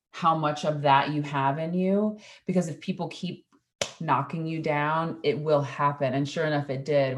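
Low-voiced chatty woman. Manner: chatty, animated storyteller, playful. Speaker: podcast host and interview guest. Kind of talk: casual interview chat.

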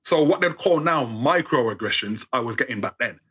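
Husky, lively British storyteller man. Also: medium pitch, normal speed. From United Kingdom. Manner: acts out quoted voices, sarcastic wit. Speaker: storyteller guest. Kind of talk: animated personal storytelling.

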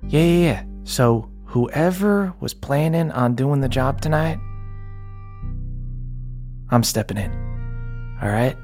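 A man's voice: mid-range voice, animated, takes it slowly, long pauses, darkish tone, faint music behind. A man voicing a powerful male city boss with a Southern accent, brusque and bossy. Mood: impatient.

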